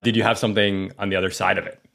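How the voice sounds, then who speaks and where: A man in his thirties hosting a podcast, telling stories in an animated way with frequent restarts. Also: low-pitched, rapid-fire, creaky. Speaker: podcast host. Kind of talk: casual podcast conversation.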